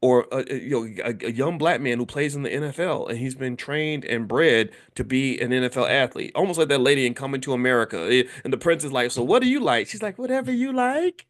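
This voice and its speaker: A man talking to camera as host of his own show, animated, often restarting and repeating words as he goes, and breaking into quoted voices. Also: fast talker, hardly any pauses. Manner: animated, acts out quoted voices with sudden high pitch jumps. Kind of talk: talk to camera.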